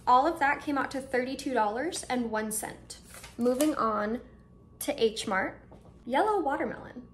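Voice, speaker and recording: A young vlogger with a fairly high voice, speaking at normal speed, goes through her shopping haul casually and excitedly, musing aloud as she tries each snack. She's at home, and the running air conditioner creates a faint hum beneath her.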